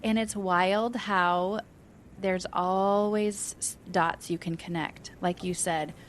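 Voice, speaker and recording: Chatty woman podcast host, faint rumble. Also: fairly even intonation. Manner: chatty and quick, with many "like" fillers and acted-out examples. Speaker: podcast host, inner healing practitioner. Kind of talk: casual conversational interview.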